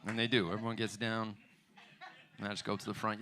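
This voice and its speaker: A man's voice: on the low side, flat delivery, quick pace, background noise. A man performing a stand-up comedy set in a loose, conversational way, often asking "you know what I mean". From United States. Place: theater bar stage.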